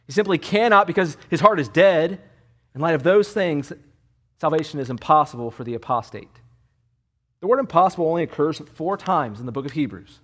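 A man preaching an expository sermon as pastor, emphatic and repeating key words for weight, with a Californian English accent. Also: fairly high pitch.

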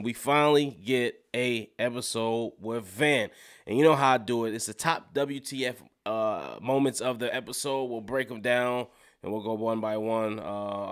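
A man with a smooth, resonant voice talks through a TV episode recap in a relaxed, rambling way. He speaks at a middle pitch, with frequent fillers and little laughs, close to a studio microphone. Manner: loose and chatty, many fillers, laughs between points. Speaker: reviewer of a TV show. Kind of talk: casual video review. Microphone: studio dynamic microphone.

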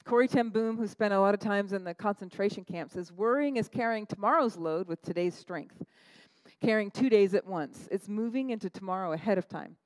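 A woman pastor preaching a sermon, animated, laughing at her own asides and acting out quotes in a higher voice. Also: a little fast, no echo, rough recording.

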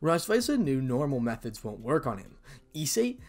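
A man's voice: mid-range voice, sing-song, normal speed. A man narrating an amateur fan story in a plain reading style with occasional stumbles.

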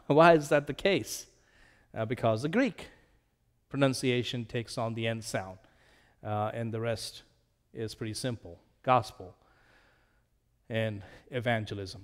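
A middle-aged man teaching a lesson at a whiteboard, speaking slowly and patiently and repeating words so learners can drill them. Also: medium pitch, clear, resonant tone, long reverb tail.

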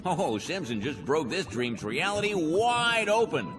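An actor playing an excitable male cartoon baseball announcer, shouting booming play-by-play. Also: unhurried, heavy background noise. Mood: hyped. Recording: loud music behind.

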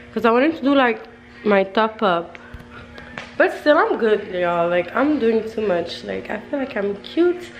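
Chatty young woman vlogging, slightly high voice. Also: rough recording. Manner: rambling, chatty, says "y'all" often. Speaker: beauty vlogger. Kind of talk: casual vlog chat.

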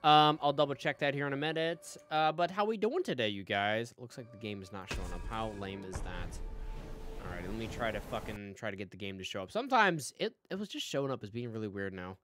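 A man streaming a game live, chatting casually with viewers, excitable and swearing often. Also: on the low side, fairly quick, faint music behind. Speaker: gaming streamer. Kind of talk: live gameplay commentary.

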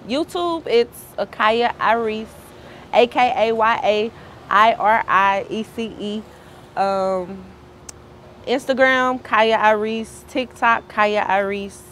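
A woman's voice: medium pitch, a bit bright, a little hiss or hum. A woman from St. Louis being interviewed on the street, answering briefly and then rapping a freestyle. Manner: casual, brief answers, rhythmic freestyle delivery. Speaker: aspiring rapper.

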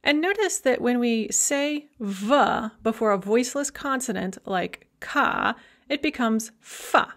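A woman language instructor giving a recorded lecture, explaining grammar methodically and modeling example phrases slowly and carefully. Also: on the high side, expressive, a bit bright.

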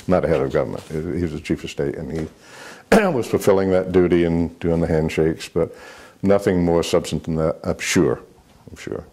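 A man's voice: low-pitched, mellow. An older man, a former military aide, answering interview questions with rambling anecdotes, many fillers and restarts.

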